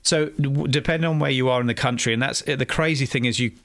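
An English man talking as a podcast guest, his voice gravelly with a lot of fry. He rambles loosely and restarts his sentences often, recorded close and dry. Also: medium pitch, quick pace, a bit bright, no echo. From England. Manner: rambling, with many restarts and fillers. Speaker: guest, food truck owner. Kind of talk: casual interview chat.

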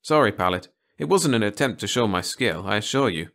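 A man's voice: fairly low pitch, expressive, fairly quick, a bit bright. A man voicing a polite adult male alien hunter who speaks in a formal, courteous way.

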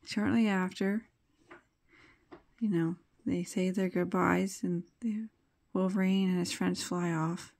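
A woman's voice: fairly low pitch, fairly even intonation, takes it slowly, creaky, darkish tone. A woman casually retelling a comic book's plot as a reviewer, chatting loosely with asides as she flips pages.

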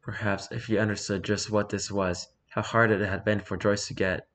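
A man narrating a story in a calm, measured reading. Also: lowish voice.

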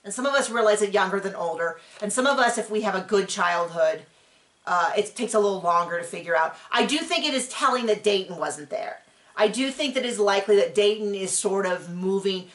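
A middle-aged woman co-hosting a reality show recap, talking in an animated, rambling way and acting out quotes. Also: mid-range voice. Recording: echoey room.

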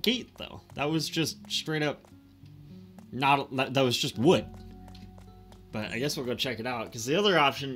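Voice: mid-range voice, fairly bright tone. A streamer giving chatty, rambling let's-play commentary and swearing casually.

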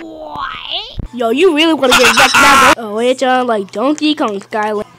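A woman giving casual gameplay commentary, excitable, often yelling and taunting at the game. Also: high-pitched, unhurried, creaky, very noisy. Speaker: gaming video host.

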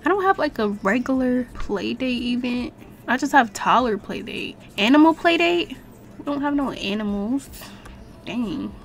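A chatty young woman with a fairly high voice gives casual let's-play commentary, talking to viewers and the on-screen characters. She uses slang and animated exclamations. A faint hiss of noise sits under her voice. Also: a little slow. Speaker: gaming streamer.

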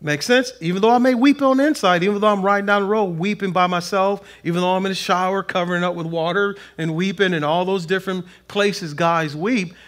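A man preaching a conversational sermon in a plain-spoken, folksy way, swinging between loud emphasis and soft asides. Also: high-pitched, a little fast, few pauses. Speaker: pastor. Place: church sanctuary.

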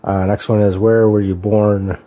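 A man in his thirties from California, chatting casually in a relaxed, hesitant way with lots of fillers and restarts. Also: on the low side, normal speed. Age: 30s. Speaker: book vlogger. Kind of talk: casual chat, answering a tag.

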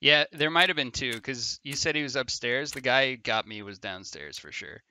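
Bright-voiced man telling a long joke. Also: mid-range voice, expressive, a little hiss or hum. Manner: laughs often, drawn-out joke delivery, teasing. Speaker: streamer. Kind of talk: casual gaming chat with a long told joke.

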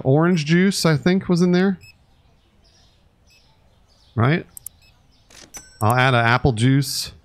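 A man casually commenting on a live-stream of a store game, grumbling sarcastically, swearing often and talking to his chat and to the customers. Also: medium pitch. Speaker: streamer playing a store sim.

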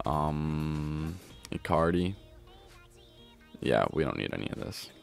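A man streaming a video game pack opening, excitable and trying to keep his voice down at home, swinging from grumbling to yelling. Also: a bass voice, slow pace, creaky, soft background music. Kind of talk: pack-opening gameplay commentary.

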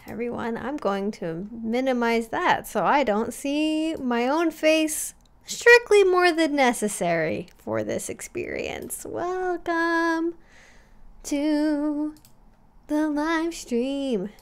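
Bright-voiced woman hosting a casual livestream. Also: sits high, animated, slow pace. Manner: chatty, reads viewer comments aloud and greets them by name. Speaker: livestream host.

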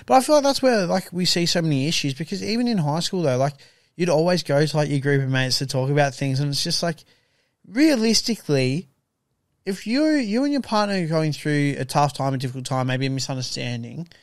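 A man's voice: a little high, a little fast, no room sound, studio quality. A young man, co-hosting a casual podcast chat and acting out quoted voices as he tells stories. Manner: animated storytelling, acts out quoted voices, swears freely. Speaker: podcast co-host.

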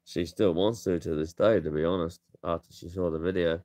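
A man's voice: low-pitched, steady tone, brisk, warm tone. A man in his thirties, chatting casually to camera in a rambling way, swearing freely. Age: 30s. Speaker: vlogger.

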